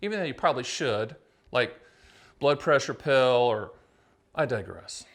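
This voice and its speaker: A middle-aged man hosting his own show as an agent, explaining to camera in a punchy, salesy patter full of rhetorical questions and quick asides. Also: mid-range voice, animated, fairly bright tone. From United States. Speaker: annuity agent and show host. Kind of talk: energetic solo explainer to camera.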